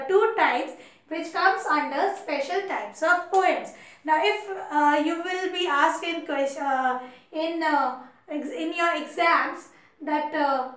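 Woman teacher, Indian English accent, high voice, slow and halting, lots of fillers. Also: fairly bright tone. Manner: halting, many fillers and restarts, repeats points. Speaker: college English lecturer. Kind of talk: online class lecture. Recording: echoey room.

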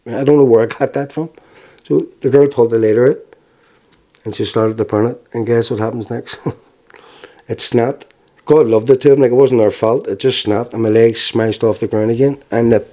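A man in his forties with a Belfast accent, giving frank personal testimony in an interview, telling it plainly with halting restarts. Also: medium pitch, mellow. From Northern Ireland.

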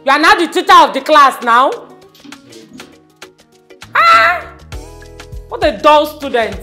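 A woman's voice: high-pitched, lively intonation, fairly quick, faint music behind. A woman playing a strict, scornful schoolteacher in a comedy sketch, scolding with a Nigerian accent. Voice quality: scolding, sharp and mocking.

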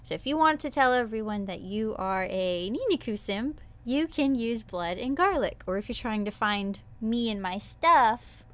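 A woman's voice: fairly high pitch, lively intonation, normal speed, hardly any pauses. A woman streaming as a VTuber, chatting casually and playfully with her viewers, breaking into squeals and cutesy sound effects. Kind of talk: casual livestream chat.

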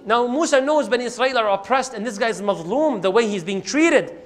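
Male preacher, high-pitched storyteller who acts out the scenes. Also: fairly quick. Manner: animated, acts out the scenes, quotes Quranic Arabic. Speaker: Islamic preacher. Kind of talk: storytelling sermon.

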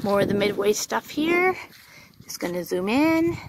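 A woman vlogging outdoors at a fairground, gushing with excitement, whooping and repeating her exclamations while filming on a handheld camera. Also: medium pitch, unhurried, heavy background noise. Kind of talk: casual vlog commentary while filming.

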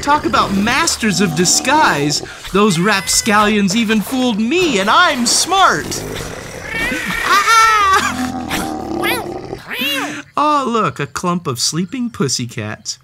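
A woman reads a children's storybook aloud in a theatrical, playful way, chatting to the character and gasping at each turn. Her pitch swoops enormously from low to high while her pace stays slow and easy. A steady hiss of background noise runs under the recording. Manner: playful, theatrical, talks to the character with gasps and exclamations. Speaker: storybook reader.

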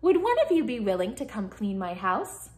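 A woman's voice: medium pitch, very animated, moderate pace, a little mellow, close to an everyday voice. A woman voicing a friendly, polite male hermit crab who compliments and kindly asks favors. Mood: admiring. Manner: sweet, admiring, politely asking.

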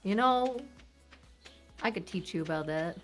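Slow-drawling Southern woman gamer. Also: medium pitch, expressive, a bit bright, faint music behind. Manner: drawling, slow, flirty joking. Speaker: guest streamer. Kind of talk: casual gaming chat.

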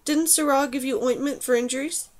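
A woman voicing a cautious, wry grown man, a mage, in a dry, measured way. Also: sits high, steady tone, lightly acted.

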